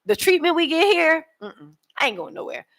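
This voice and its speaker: A woman's voice: very high voice, sing-song, moderate pace, a bit bright. American woman vlogging, loose slangy storytelling, calls her viewers y'all. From United States. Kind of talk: casual chat to camera.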